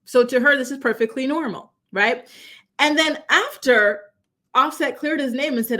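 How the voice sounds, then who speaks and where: A woman's voice: sits high, moderate pace, sharp tone. A young adult woman hosting a commentary channel, talking casually to camera in an emphatic, chatty way full of rhetorical questions.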